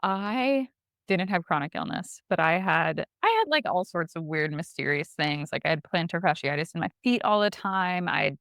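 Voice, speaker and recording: A woman co-hosting a casual podcast, telling a personal story in an animated way with lots of "like". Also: fairly low pitch, moderate pace, no room sound, studio quality. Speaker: podcast co-host.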